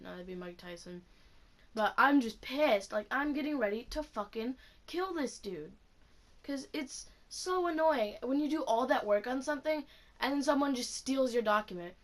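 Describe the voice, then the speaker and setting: A teenage girl with a slightly high voice rants through a casual story. She sounds indignant and swears freely, and her words tumble out in a loose, chatty run. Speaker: vlogger.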